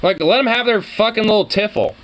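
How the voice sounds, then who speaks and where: A man's voice: sits high, lively intonation, brisk, fairly bright tone, a little hiss or hum. A young man reacting to a video, ranting in a heated, profane, casual way.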